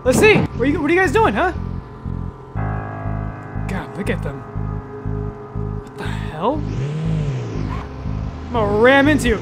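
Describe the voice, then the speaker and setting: Young guy gamer w/ a high voice, yells a lot at the bad guys, game music going behind him. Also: unhurried, pauses often. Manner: excitable, yelps and shouts at enemies, then calm musing. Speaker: gaming YouTuber. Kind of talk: let's play commentary.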